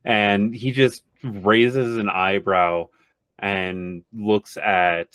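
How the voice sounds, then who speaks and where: A man narrating a tabletop game as game master, in a halting way with many fillers. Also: on the low side, fairly even intonation, fairly bright tone, smooth, no echo.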